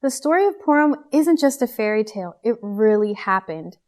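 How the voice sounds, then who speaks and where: A woman hosts an online program, upbeat and welcoming. Her voice sits a little high. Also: lively intonation, normal speed, a little mellow. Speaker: host.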